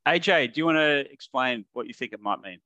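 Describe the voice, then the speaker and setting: A man with an Australian accent co-hosting a podcast in relaxed, playful casual chat. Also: mid-range voice, brisk, dry recording, muffled recording. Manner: relaxed, playful, likes cursing. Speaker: podcast co-host.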